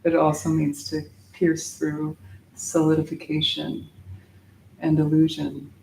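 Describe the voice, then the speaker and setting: Slow, patient woman meditation teacher chanting mantra syllables in an echoey room. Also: low voice, flat delivery, gravelly, dark tone, slight background noise. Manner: patient, demonstrates sounds, chants syllables slowly.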